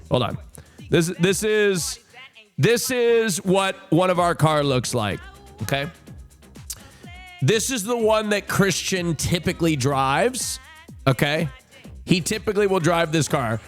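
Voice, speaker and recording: A man's voice: high voice, fairly bright tone. A man live-streaming, telling stories to his chat in a casual, profane way, repeating himself and checking in with his viewers. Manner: profane, repetitive storytelling addressing chat. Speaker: livestreamer.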